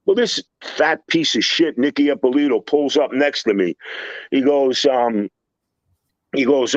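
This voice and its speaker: A man's voice: mid-range voice, animated, unhurried, long pauses, no room sound, lo-fi sound. An older man, a construction contractor, telling a profane story on a podcast with heated, acted-out quotes.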